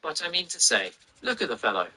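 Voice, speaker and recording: A man voicing a hearty, boisterous bearded ghost huntsman who talks loud and jovial. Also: a little high, very animated, fast, noisy background, pitched above the performer's own voice.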